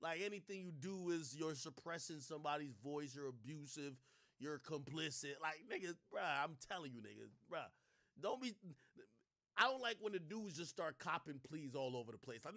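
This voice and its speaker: A man streaming and reacting to clips in casual, animated talk, full of slang, swearing and repeated words. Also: on the high side, normal speed, no echo, studio quality.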